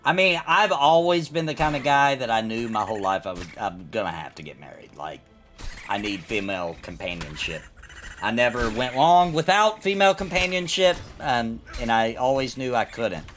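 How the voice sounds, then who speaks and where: A man's voice: mid-range voice, animated, moderate pace, fairly bright tone, faint music behind. A man hosting a casual gaming stream, rambling and joking while reading chat aloud. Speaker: streamer host.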